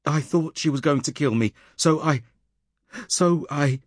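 A male audiobook narrator voicing a distraught young woman in shock, her speech halting and breaking. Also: fairly high pitch, no room sound, clean studio sound, pitched above the performer's own voice.

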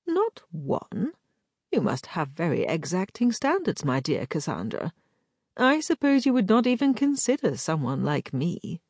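A woman voicing a smooth, courtly gentleman captain. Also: lowish voice, unhurried, dry recording, studio quality, exaggerated voice. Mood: flattering. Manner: flattering, polished and courtly. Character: charming smooth-talking gentleman captain, scheming. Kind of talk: audiobook character voice.

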